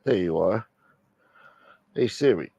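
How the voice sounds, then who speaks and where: Profane, blunt streetwise livestream host. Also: male voice, deep voice, expressive, takes it slowly, creaky, warm tone, breathy edge, no echo. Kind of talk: casual livestream chat.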